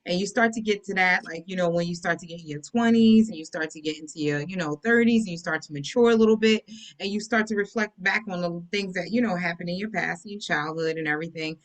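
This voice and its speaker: A woman's voice: fairly low pitch, fast. A woman hosting a casual podcast discussion, steering the group into a new topic with a reflective, explanatory manner. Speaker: podcast host.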